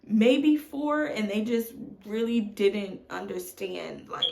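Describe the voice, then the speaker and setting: Thirties mom vlogger, earnest and emotional, some vocal fry, phone mic in a roomy space. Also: female voice, medium pitch, expressive, slow pace, dark tone. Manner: candid, emotional, addresses viewers as y'all. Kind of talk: candid confessional chat to camera. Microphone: phone on tripod. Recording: echoey room.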